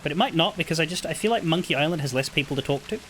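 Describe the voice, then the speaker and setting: A man's voice: on the high side, lively intonation, racing, fairly bright tone, slight background noise. A man streaming a video game, thinking aloud in chatty commentary and swearing freely. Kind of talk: casual gameplay commentary.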